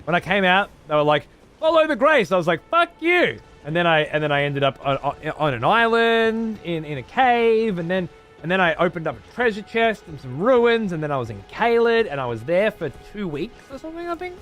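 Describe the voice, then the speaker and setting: A man's voice: sits high, lively intonation, a little fast, fairly bright tone, soft background music. A man streaming a game live, rambling, swearing a lot and chatting to his viewers. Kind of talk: live gameplay commentary.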